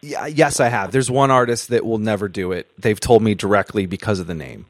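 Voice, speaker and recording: A man hosting a podcast interview, talking earnestly in a halting way and repeating himself as he works out a point. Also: fairly low pitch, no room sound. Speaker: podcast host.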